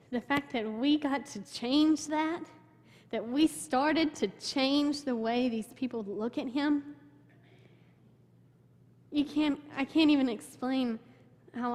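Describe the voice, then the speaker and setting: A woman's voice: a little high, darkish tone. A young woman telling a congregation about a mission trip, storytelling with feeling and quoting the people she met. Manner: emotional storytelling, quotes people in her own voice. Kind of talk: personal testimony to a church. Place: church sanctuary. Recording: long hall reverb.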